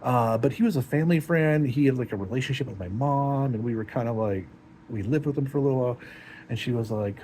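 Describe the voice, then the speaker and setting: A man's voice: medium pitch, a little mellow, slight background noise. Heartbroken man rambling to camera. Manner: rambling and halting, emotional. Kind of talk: personal confessional vlog.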